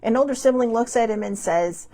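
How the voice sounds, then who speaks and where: A woman's voice: on the high side, fairly quick, mellow. Chatty rambling woman live-streaming. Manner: rambling, laughs often, blunt and upbeat. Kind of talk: casual chatty monologue. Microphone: phone or webcam on a live stream.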